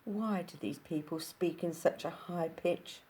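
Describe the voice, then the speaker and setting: Slow, low-voiced woman reading a novel. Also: warm tone. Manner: unhurried, with casual asides to listeners. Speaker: audiobook reader.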